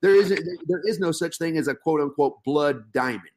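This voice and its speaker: A man's voice: on the high side, moderate pace, a little mellow. A man guesting on a casual podcast interview as a piercing artist, talking bluntly and combatively with plenty of swearing. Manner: blunt, combative and heavily profane.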